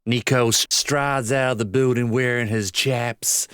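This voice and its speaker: A man speaks very slowly in a low-key, wry way as a tabletop player. His voice is close and dry, with no room sound. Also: fairly even intonation, a bit bright, smooth, dry recording. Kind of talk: casual chat.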